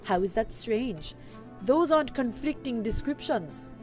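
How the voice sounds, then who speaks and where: Lady doing a deep-voiced mysterious witch shopkeeper, theatrical, accent keeps slipping, music faint behind. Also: animated, unhurried. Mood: admiring. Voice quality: deepened voice, wobbly attempted accent. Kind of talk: reading game dialogue aloud.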